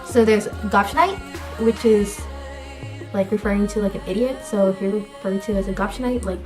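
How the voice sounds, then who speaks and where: A woman's voice: mid-range voice, normal speed, music in the background. Chatty young woman vlogging. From United States. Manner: chatty, lots of likes and fillers. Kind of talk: casual explainer vlog.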